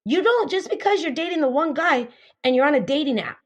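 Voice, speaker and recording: This woman dating coach speaks fairly quickly in a high voice with lively intonation while appearing on an interview show. Her teaching is emphatic and built on acted-out stories, complete with quoted voices, repetition and casual swearing.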